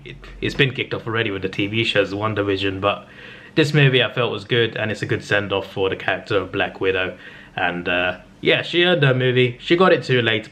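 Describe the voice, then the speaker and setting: A man's voice: mid-range voice, a bit bright. A man in his twenties chatting casually in a vlog, rambling and hesitant with frequent restarts. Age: 20s. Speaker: vlogger. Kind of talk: casual vlog talk and review.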